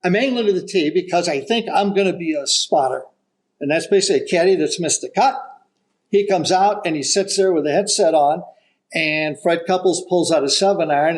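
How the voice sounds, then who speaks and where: An older man, a golf broadcaster guesting on a podcast, telling an animated story and acting out the voices of the people in it. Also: fairly high pitch, fairly quick, low-quality recording. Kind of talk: storytelling anecdote.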